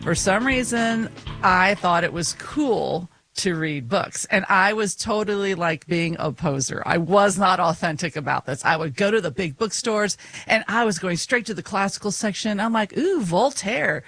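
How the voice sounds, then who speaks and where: Woman co-host, casual chat, chatty and self-mocking, laughs a lot, middle pitch. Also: animated, normal speed, fairly bright tone, soft background music. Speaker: podcast co-host.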